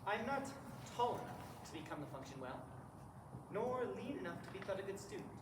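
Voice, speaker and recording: A playful, mocking jester with a high, sing-song voice, played by a teenage boy on a school stage. The sound is distant and roomy, with a long hall echo. Audience noise hums behind it. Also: big pitch swings, fairly quick. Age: late teens. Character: witty young male jester, mocking and playful. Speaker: student actor.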